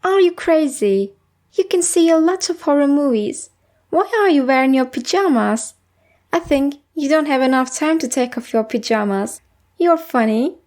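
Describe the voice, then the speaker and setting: A woman's voice: high voice, animated, normal speed, darkish tone. A woman reading as a playful young girl. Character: young girl, teasing then apologetic.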